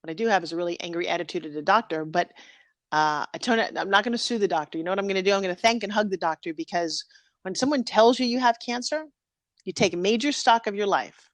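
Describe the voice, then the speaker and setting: A woman in her fifties speaks candidly and with feeling, her voice close to tears as she tells her story. She sits at a middle pitch, recorded dry and close over a live video stream. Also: fast, dry recording. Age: 50s. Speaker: guest. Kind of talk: emotional interview conversation.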